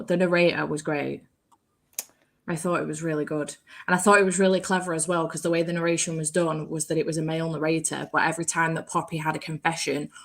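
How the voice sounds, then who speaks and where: A woman's voice: deep voice, a bit bright. A woman co-hosting a casual book club chat, frank and chatty, swearing casually.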